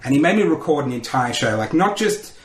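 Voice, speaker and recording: A man, a comedian telling lively stories in a podcast interview and acting out the voices of people he quotes. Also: on the high side, brisk, roomy sound. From Australia. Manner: animated storyteller who acts out quotes. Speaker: comedian and radio host, podcast guest. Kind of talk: casual interview storytelling.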